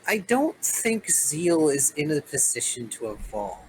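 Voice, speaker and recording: A man's voice: on the high side, sing-song, a little slow, crowd noise, low-quality recording. A man running a tabletop role-playing game, narrating the story dramatically and joking with his players. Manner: storytelling, playful asides. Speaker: game master.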